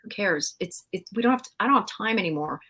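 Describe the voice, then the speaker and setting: A middle-aged woman, a guest in a casual interview, telling animated stories with frequent laughs and fillers. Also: medium pitch, fast, slightly rough. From Canada. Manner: animated storyteller, laughs often, many fillers. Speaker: guest actress.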